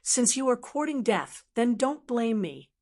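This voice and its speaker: A woman voicing a young male cultivator who stammers and pleads in a raised pitch. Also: sing-song, a little slow, darkish tone, exaggerated voice. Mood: cold threat.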